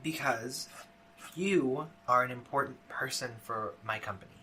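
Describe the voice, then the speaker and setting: A man voicing a polite, wealthy woman who runs a company, sweet on the surface and quietly probing. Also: mid-range voice, a little slow. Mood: businesslike. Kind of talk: game master voicing a character.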